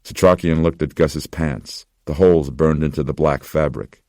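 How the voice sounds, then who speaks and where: Man, horror audiobook narration, very deep, dark mellow tone. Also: steady tone, moderate pace, hardly any pauses, dry recording, clean studio sound.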